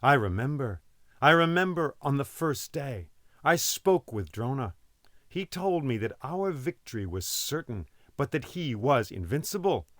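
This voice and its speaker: A man voicing an honest, troubled male king who speaks earnestly and softly. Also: mid-range voice, sing-song, a little slow, no room sound, studio quality, pitched above the performer's own voice. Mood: remembering.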